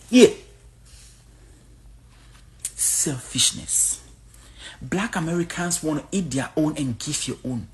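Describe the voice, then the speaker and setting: A woman from Africa giving blunt, outspoken commentary in a casual vlog. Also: mid-range voice. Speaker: vlogger.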